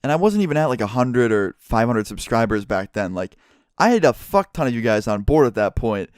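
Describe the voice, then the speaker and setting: A man's voice: mid-range voice, very animated, brisk, smooth, dry recording, clean studio sound. A young man telling a story to his viewers in a casual, rambling way, swearing often and filling gaps with "like". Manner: profane, rambling, heavy use of "like". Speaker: YouTuber.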